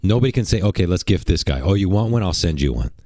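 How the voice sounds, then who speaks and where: Male streamer, low voice with big swings, brash and excitable, dry close mic. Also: fast talker, no echo. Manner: brash, excitable, talks to chat. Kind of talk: casual livestream chat.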